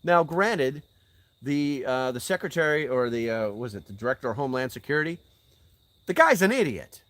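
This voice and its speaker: Speaking a little fast in a mid-range, fairly bright voice with no room sound, an older man hosts a relaxed outdoor livestream by a fire. He answers chat bluntly, cursing and pressing his views through emphatic rhetorical questions.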